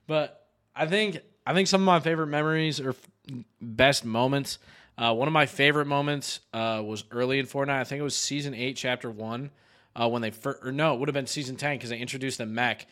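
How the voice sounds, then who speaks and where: A young man in casual podcast chat, an animated storyteller who swears often and laughs mid-sentence. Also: medium pitch, fairly quick. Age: young adult. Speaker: podcast host.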